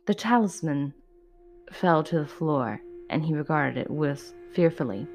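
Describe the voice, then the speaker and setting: Low-voiced woman reading a spooky tale. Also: expressive, measured pace, darkish tone, faint music behind. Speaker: storyteller. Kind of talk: read-aloud horror story narration.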